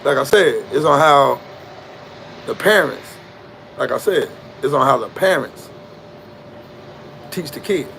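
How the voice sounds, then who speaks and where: A man's voice: medium pitch, expressive, unhurried, gravelly, long pauses, sharp tone, slight background noise. A man telling a story in a casual, slangy, emphatic monologue with a preachy edge.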